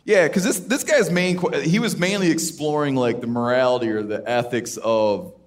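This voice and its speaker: A man's voice: fairly high pitch, normal speed. A man hosting a live podcast, chatting casually and teasing his co-hosts with joking asides. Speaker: podcast host. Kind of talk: casual chat on a live show.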